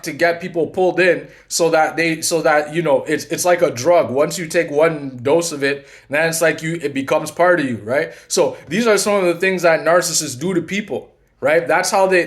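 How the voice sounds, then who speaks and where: A man hosting his own channel in a casual monologue. His voice sits a little high, and he rambles with many restarts and fillers. Now and then he acts out lines he quotes. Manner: rambling, full of "you know" and restarts. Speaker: channel host and coach.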